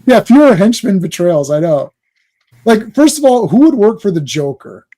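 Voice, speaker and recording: A man's voice: high-pitched, big pitch swings, moderate pace, mellow. A man co-hosting a casual podcast chat, rambling and laughing as he quotes movie lines. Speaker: podcast co-host.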